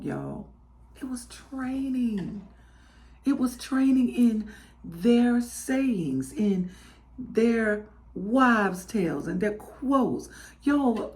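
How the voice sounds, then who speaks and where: A woman's voice: fairly high pitch, darkish tone. A tearful woman, hosting a podcast and reflecting in an emotional, testifying way. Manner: emotional, testifying, addresses listeners as y'all. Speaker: podcast host. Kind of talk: heartfelt spoken reflection.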